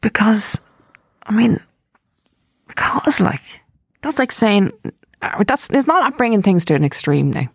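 A woman's voice: medium pitch, big pitch swings, measured pace, long pauses, breathy edge, dry recording, studio quality. A woman, an actor, chatting as a guest, teasing and playful, hopping from topic to topic. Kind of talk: casual chat.

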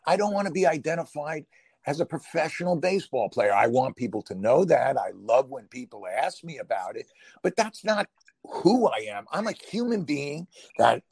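A man with a Brooklyn accent chatting casually on a podcast, rambling and animated, laughing often and jumping up in pitch when excited. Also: dry recording. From New York. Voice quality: gravelly, husky. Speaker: podcast co-host.

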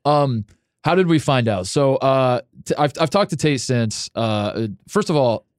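A man's voice: medium pitch, lively intonation, unhurried, clear, resonant tone, dry recording, clean studio sound. A man hosting a podcast in casual chat, rambling with many restarts and casual swearing. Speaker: podcast host.

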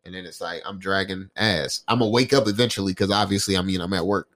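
A young man with a lowish voice talks in a relaxed, slangy way. He swears freely and drifts through his stories in a casual group chat. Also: fast. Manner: laid-back, slangy and profane. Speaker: podcast co-host.

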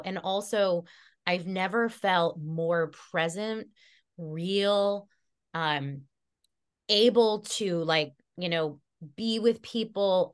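A woman's voice: medium pitch, clear, resonant tone. A woman guest in a casual podcast conversation, telling a heartfelt story with lots of fillers and restarts. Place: Connecticut.

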